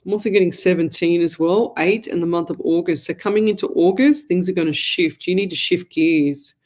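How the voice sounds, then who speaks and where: A woman's voice: fairly low pitch, fairly quick, darkish tone. A woman hosting a live online show as a psychic medium, giving rambling, chatty readings to listeners.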